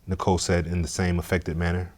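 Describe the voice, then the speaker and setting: A man narrating a story in a steady, measured, scripted way. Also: low voice.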